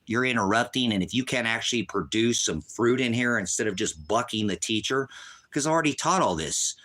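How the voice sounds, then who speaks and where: A man's voice: medium pitch, lively intonation, fairly quick, bright, forceful tone. A man hosting a livestream, ranting at a viewer in the chat, insulting and repeating himself, stumbling when angry. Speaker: livestream host teaching homesteading.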